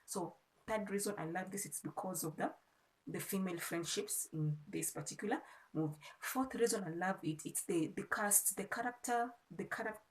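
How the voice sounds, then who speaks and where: A woman's voice: mid-range voice, normal speed, rough recording. A woman with a Kenyan accent, chatting casually and rambling a little as she reviews a movie for her vlog. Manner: chatty and rambling, with frequent restarts. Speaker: vlogger.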